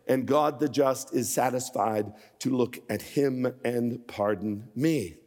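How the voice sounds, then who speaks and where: A man in his sixties preaching a sermon as guest speaker, shifting from measured storytelling to impassioned, emphatic appeals. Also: medium pitch, darkish tone, in a large hall. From Pennsylvania. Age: 60s.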